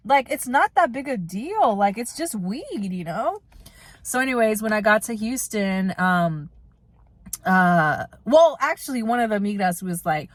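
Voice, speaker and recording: A woman's voice: medium pitch, animated, a little slow, no echo. A young woman from the United States telling a rambling, candid story to her vlog audience and swearing freely. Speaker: vlogger.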